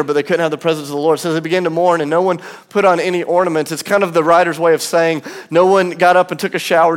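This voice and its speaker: Preaching a sermon in a church auditorium, a pastor in his thirties sounds earnest and emphatic, with a clear, resonant tone. He slows down to give words weight and drops into soft, low asides.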